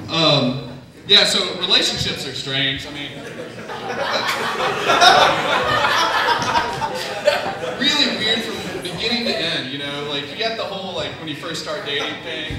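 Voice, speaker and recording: A man's voice: a little high, lively intonation, slow, pauses often, very noisy. A young man from Tennessee doing a nervous first-time stand-up set, rambling with lots of "you know" fillers. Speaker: stand-up comedian. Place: comedy club stage. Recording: echoey room from far off, crowd audible. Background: audience laughing.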